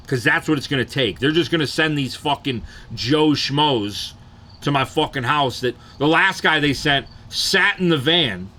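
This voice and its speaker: A man's voice: on the high side, bright, forceful tone. A man from the Detroit area, ranting casually and profanely on a livestream and often asking "you know what I'm saying".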